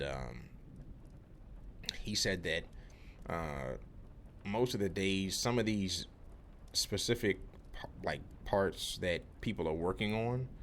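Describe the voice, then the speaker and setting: A man's voice: sits low, slow, pauses often, fairly bright tone, a little hiss or hum. A young man telling a rambling, casual vlog story about his work day, full of slang and restarts. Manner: rambling, lots of fillers and restarts, laid-back slang. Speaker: vlogger, electrical apprentice.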